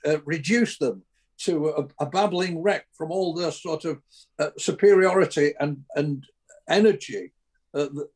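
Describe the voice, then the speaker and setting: A man's voice: fairly high pitch, a little mellow. An older man, a guest comedian, reminiscing in a rambling way with many restarts, over a video call. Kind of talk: reminiscing conversation.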